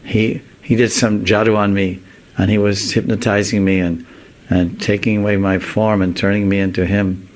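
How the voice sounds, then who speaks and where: A man's voice: fairly low pitch, little pitch movement, normal speed, lightly acted. A man doing a playful young god faking innocence. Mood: coy. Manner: coy, mock-innocent.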